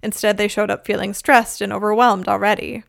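Smooth-voiced woman podcast host. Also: medium pitch, little pitch movement, fairly quick, no room sound, studio quality. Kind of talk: scripted podcast narration.

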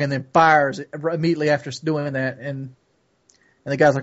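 A man's voice: fairly high pitch, level tone, moderate pace, highs cut off. A man recounting a news story and arguing his view in a profane, opinionated way over a call. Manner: argumentative, profane. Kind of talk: opinionated chat. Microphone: call audio.

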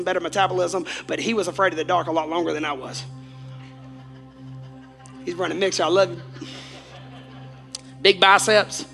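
High, gravelly-voiced preacher man. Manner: animated preaching, swings between shouting and quiet asides. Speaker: pastor. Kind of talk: sermon.

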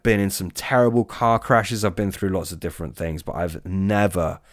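His voice sits low as this guest storyteller relates a haunted fishing experience in easygoing talk. Swearing peppers the halting, restart-heavy delivery, recorded dry and clean in a studio.

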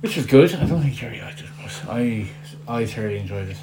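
A man's voice: medium pitch, expressive, quick pace, noisy background. A man hosting a casual board-gaming podcast, teasing and joking with his co-hosts. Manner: jokey, teasing. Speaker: podcast host. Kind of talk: casual banter.

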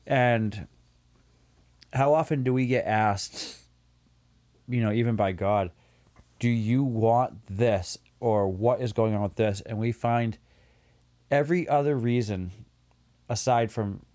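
A man's voice: medium pitch, slow pace, pauses often, darkish tone. A man co-hosting a podcast in casual chat, speaking reflectively and leaning on "you know.". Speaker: podcast co-host.

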